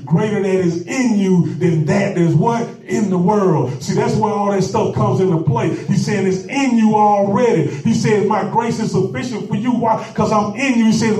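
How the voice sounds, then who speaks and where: A man's voice: fairly high pitch, recorded from a distance. Preaching man in an echoey room. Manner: call-and-response preaching, repeats phrases, rises to shouts. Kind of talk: sermon.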